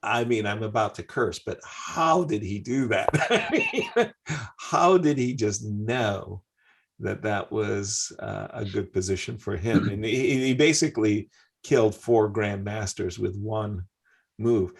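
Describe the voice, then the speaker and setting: An older man commenting on chess, telling animated anecdotes with laughing asides in a casual way. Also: fairly low pitch, unhurried, creaky, breathy edge.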